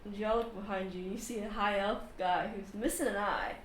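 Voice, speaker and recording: A woman narrating as game master of a tabletop game, chatty and quick to laugh. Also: medium pitch, fairly even intonation, far from the mic, slight background noise. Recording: echoey room.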